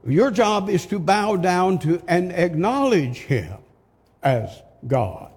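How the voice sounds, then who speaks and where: A man's voice: high-pitched, sing-song, slow pace, darkish tone, breathy edge. An older man preaching an expository sermon, reading scripture aloud and pressing his points with emphatic rhetorical questions. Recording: long reverb of a large hall.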